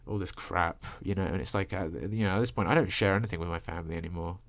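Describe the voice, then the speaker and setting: A young man talks fast and low in a long profane rant, stringing thoughts together with "like" and "you know." His voice sits deep, and the recording is close and dry with no room sound. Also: steady tone, creaky, dry recording. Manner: ranting, profane, filler-heavy with frequent "like" and "you know". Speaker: vlogger. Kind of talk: rambling personal monologue. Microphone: desk microphone.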